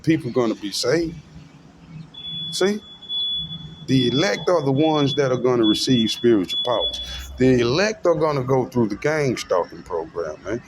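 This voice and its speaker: A man delivering a profane ranting monologue, his voice jumping between low mutters and sudden high outbursts, with a faint hum of traffic behind. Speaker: self-styled preacher vlogger.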